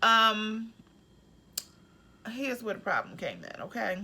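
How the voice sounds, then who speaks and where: A woman who works as a travel nurse, telling a story in a casual vlog in an expressive, slangy, dramatic way. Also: medium pitch, takes it slowly, husky.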